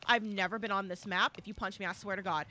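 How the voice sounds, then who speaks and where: A woman live-streams a horror game, talking fast in a medium-pitched voice over a bit of hiss or hum. Her excitable commentary is full of loud exclamations and repeated cheers.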